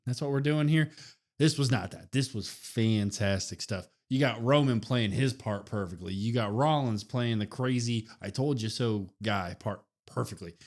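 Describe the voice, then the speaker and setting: A man's voice: medium pitch, normal speed. Enthusiastic man co-hosting a podcast. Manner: enthusiastic, agreeing, chatty. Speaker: podcast co-host. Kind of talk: casual wrestling recap.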